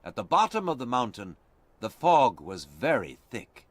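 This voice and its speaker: A man reading a storybook aloud in a slow, clear and expressive narration. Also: medium pitch, dry recording. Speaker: audiobook reader.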